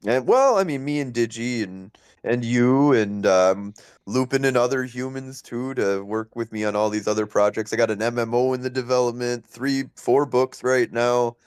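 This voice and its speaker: A man hosting a podcast, telling a story in an animated, casual way, full of fillers and laughter. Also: mid-range voice, normal speed, clear, resonant tone, no room sound. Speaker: podcast host.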